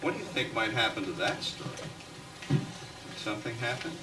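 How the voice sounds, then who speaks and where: A male teacher runs a lively classroom lesson. His voice rises and falls freely as he prompts the children and reads their lines back to them. He is captured from across an echoing room, with clear classroom noise underneath. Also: mid-range voice, brisk. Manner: coaxing, repeats students' sentences back to the class. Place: classroom with grade-five students. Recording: roomy, distant, noisy classroom recording.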